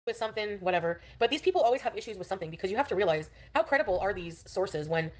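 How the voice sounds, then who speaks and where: A woman's voice: medium pitch, lively intonation, racing, darkish tone, a little hiss or hum. A woman chatting casually on a livestream, rambling and defensive, with many fillers.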